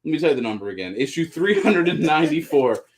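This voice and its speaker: A Southern American man hosts a live sale, joking casually as he reads out the items. His voice is a little high and sing-song, and he talks fast. There's a little hiss or hum in the recording.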